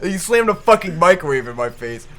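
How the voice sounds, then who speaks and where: A man's voice: sits high, very animated, a little fast, over a noisy crowd. A young man co-hosting a casual gaming chat, teasing his brother and laughing through profane stories. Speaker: co-host. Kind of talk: casual banter while playing a game.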